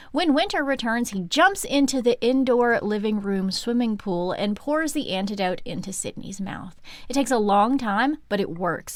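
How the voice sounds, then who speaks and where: A woman's voice: medium pitch, dry recording, studio quality. A woman co-hosting a book podcast, retelling the plot with dramatic gasps and outbursts. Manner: dramatic, gasping recap with loud outbursts. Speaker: podcast co-host. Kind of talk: casual book recap.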